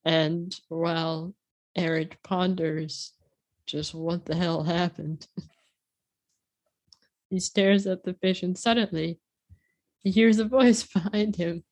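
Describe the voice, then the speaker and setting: A woman's voice: fairly low pitch, steady tone, slow, long pauses, a little mellow, no room sound. A woman improvising a playful story and keeping time, teasing her partner and often laughing.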